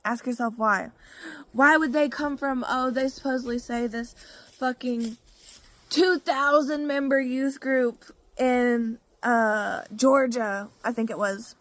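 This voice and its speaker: Slow-paced and a little high, her voice has fairly even intonation and a fairly bright tone, with no room sound. She's a vlogger from Arkansas, US, recounting her own story in a frank, profane, casual way full of "you know."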